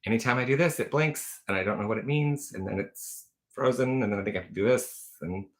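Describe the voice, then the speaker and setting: A man's voice: medium pitch, brisk. A man hosting a casual livestream, telling rambling stories full of fillers and self-corrections. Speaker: livestream host.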